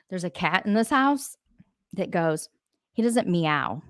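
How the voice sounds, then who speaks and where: A woman's voice: fairly low pitch, expressive, slow pace, creaky, no room sound, studio quality. Chatty woman hosting a live stream. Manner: chatty, reads out and answers viewer comments; laughs often, rambling asides. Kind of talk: casual live-stream chat.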